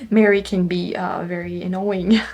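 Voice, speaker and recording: A woman's voice: fairly low pitch, steady tone, slow, darkish tone, faint music behind. A young woman from France speaking English with a French accent, chatting casually to her viewers about her trip, with frequent laughs and lots of fillers and restarts. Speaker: travel vlogger. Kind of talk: casual chat to camera.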